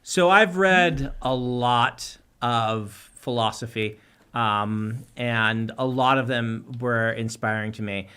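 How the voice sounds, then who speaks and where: A man's voice: mid-range voice, slow, pushed and bright, clear, resonant tone. A man in his forties chatting casually on a livestream, rambling and trailing off as he thinks. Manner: rambling, self-interrupting. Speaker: host author.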